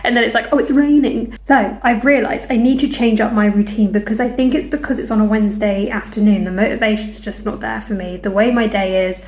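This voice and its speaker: A woman's voice: mid-range voice, fairly even intonation, fairly quick, few pauses. A young woman talking through her week in a casual, self-deprecating fitness vlog on a clip-on mic. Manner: chatty, self-deprecating, laughs at herself. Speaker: fitness vlogger. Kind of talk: casual vlog chat to camera. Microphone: clip-on lapel mic held in hand.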